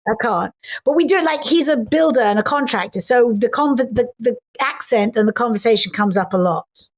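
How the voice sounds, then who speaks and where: A middle-aged English actress chatting playfully in an interview, animated and fond of slipping into mimicry. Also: female voice, a little high, fairly quick. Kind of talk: casual interview chat.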